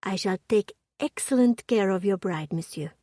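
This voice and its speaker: A woman's voice: normal speed, no echo, clean studio sound, lightly acted. A woman voicing a petite, bubbly dressmaker with a thick French accent, in a storybook reading. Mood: eager. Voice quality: high and loud, effusive.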